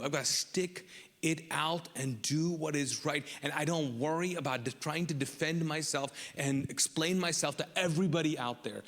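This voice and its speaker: A man's voice: mid-range voice, a bit bright. A man preaching a sermon as pastor, speaking conversationally, restarting phrases and asking the congregation to fill in words. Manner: repeats words and asks the crowd to fill in answers. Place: church auditorium. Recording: long hall reverb.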